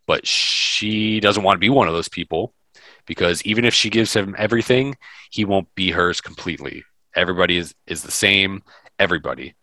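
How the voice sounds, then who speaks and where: Deep-voiced man recapping a film casually. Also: pushed and bright, dry recording, poor audio. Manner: loose and profane, sprinkled with ums. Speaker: podcast host.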